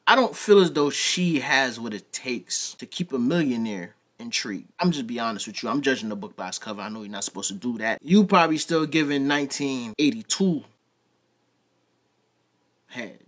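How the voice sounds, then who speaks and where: A man's voice: medium pitch, expressive, moderate pace, a bit bright. A man with a New York accent giving blunt, roasting reaction commentary. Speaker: commentary host.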